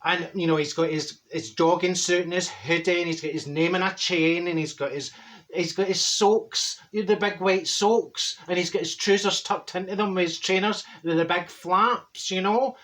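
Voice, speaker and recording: A man's voice: sits high, steady tone, normal speed, fairly bright tone. A man playing a brash, straight-talking middle-aged Glaswegian woman who tells a rambling comic story full of mixed-up sayings. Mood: gossipy. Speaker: comic character monologue. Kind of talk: comedic character monologue.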